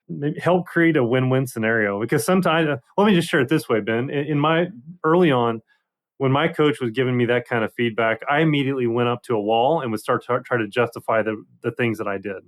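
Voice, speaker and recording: A man's voice: mid-range voice, a little fast. A man hosting a podcast, asking questions and sharing his own experience on a video call. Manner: friendly, reflective, shares own experience. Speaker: podcast host. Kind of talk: conversational podcast interview.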